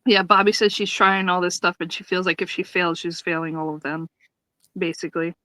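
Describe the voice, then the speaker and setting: A woman's voice: fairly low pitch, flat delivery, brisk, sharp tone, no room sound, rough recording. A woman co-hosting a podcast, retelling a sitcom episode in casual chat, acting out the characters' lines and laughing often. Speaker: podcast co-host reviewing a sitcom.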